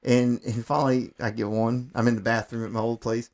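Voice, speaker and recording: A man's voice: medium pitch, fairly quick. A man co-hosting a casual podcast, telling stories with energy and often repeating words as he goes. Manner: animated storyteller, stumbles and repeats words. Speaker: podcast co-host. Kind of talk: casual storytelling chat.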